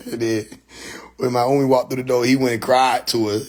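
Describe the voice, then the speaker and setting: A man telling a story on a live stream in a loose, animated way, swearing freely, laughing often and making sound effects. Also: mid-range voice, normal speed.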